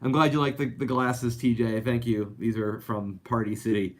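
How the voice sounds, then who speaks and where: A man's voice: mid-range voice, steady tone, moderate pace. A man hosting a live animation talk show, chatting casually and reading out viewer comments with lots of fillers. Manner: chatty, upbeat, rambling with many fillers.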